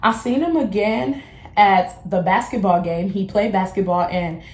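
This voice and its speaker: A woman's voice: medium pitch, unhurried, roomy sound. A young adult woman vlogger, telling a casual storytime in a candid, slangy way and acting out the people she quotes. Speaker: beauty vlogger.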